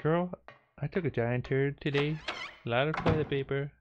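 A man's voice: a little high, moderate pace, lo-fi sound. Playful man telling a story. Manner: playful, animated, teasing, keeps saying "girl". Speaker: gaming streamer. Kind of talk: casual storytelling while streaming a game. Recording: steady background noise.

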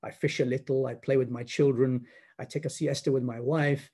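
A man reading out the lines of a contented male Mexican village fisherman in a story he tells, speaking in an unhurried way. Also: mid-range voice, fairly even intonation, warm tone, breathy edge.

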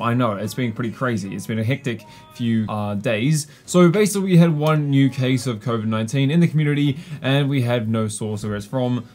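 A man talks through a mobile football game in a loose, rambling way, his voice a little worn and hoarse. His pitch sits in an ordinary middle range. Faint music plays underneath. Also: a little mellow. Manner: chatty, laid-back, rambling. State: slightly losing his voice. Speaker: gaming YouTuber. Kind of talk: casual gameplay commentary.

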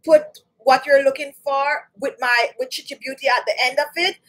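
High-voiced woman chatting about skincare. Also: fairly even intonation, normal speed, fairly bright tone, rough recording. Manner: chatty, repeats lists, addresses viewers directly. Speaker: beauty channel host. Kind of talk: casual live-stream skincare chat.

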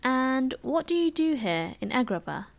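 A woman with a British English accent voicing a boastful big blue male genie spirit in a soft ASMR storybook reading, in whispered role-play. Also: high-pitched, sing-song, normal speed, vocal fry, exaggerated voice. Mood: playful boasting. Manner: showy, teasing.

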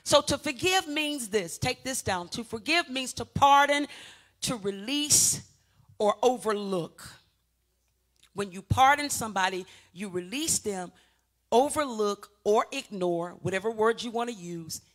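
Bright-voiced woman preaching. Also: fairly high pitch, animated, unhurried. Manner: preaching with call-and-response urging; rises to loud emphatic peaks, then drops to a quiet teaching tone. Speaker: pastor. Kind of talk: sermon.

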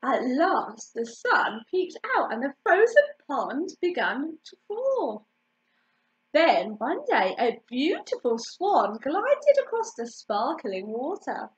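A woman reading a children's picture book aloud in an expressive way, stopping to ask the listener questions. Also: high voice, slow pace. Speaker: storytime reader. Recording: dull lo-fi recording.

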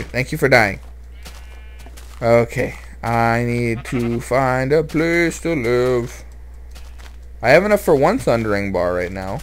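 A man's voice: medium pitch, fairly bright tone. A man commenting on his own game as he plays, rambling, joking and sounding a little nervous. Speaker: let's play host. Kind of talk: gameplay commentary.

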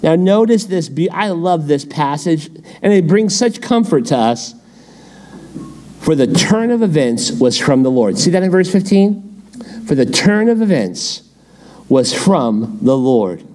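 A male pastor teaching a midweek Bible study, animated, firing off rhetorical questions and quips. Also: fairly high pitch, a little slow.

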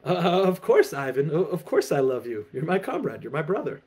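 A man's voice: on the high side, big pitch swings, normal speed, darkish tone, breathy edge, pitched above the performer's own voice. A man voicing a drunk male Russian peasant who defensively insists that he loves his friend. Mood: flustered.

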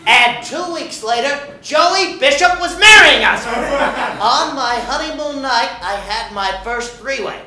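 A man playing a loud, short-tempered older TV host in a comedy sketch, ranting and shouting. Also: extremely high pitch, lively intonation, slow, crowd noise, heavily acted. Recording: roomy studio echo.

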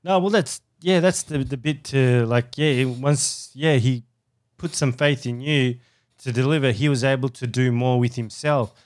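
A man hosting a podcast interview, giving short encouraging replies and rephrasing his thoughts haltingly. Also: mid-range voice. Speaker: podcast host.

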